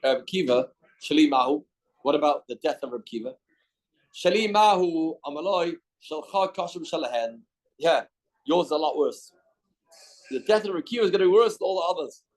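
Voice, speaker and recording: Here the Canadian Talmud teacher sounds somewhat high-pitched, with lively intonation and a slightly quick pace. During his daily study-hall class, he reads the text aloud, explains it in English, and plays out the dialogue.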